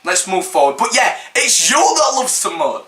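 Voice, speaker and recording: A young man with a Hull, East Yorkshire accent rants through a reaction commentary, sarcastic and exasperated, swearing freely. His voice sits high for a man and sounds bright. The room around him is echoey. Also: very animated, normal speed. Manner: exasperated, sarcastic, swears a lot, mocks with put-on quotes. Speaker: vlogger.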